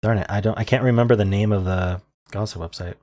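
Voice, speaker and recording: A man solving a crossword out loud, muttering clues and thinking aloud in an unsure, self-questioning way. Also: lowish voice, steady tone, fast. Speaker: puzzle-solving video creator.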